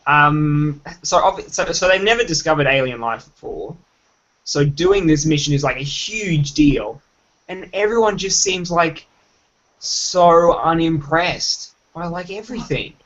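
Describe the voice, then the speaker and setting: A man co-hosting a casual film chat, blunt and opinionated, with quick asides. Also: on the high side, a bit bright. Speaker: podcast co-host. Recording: dull lo-fi recording.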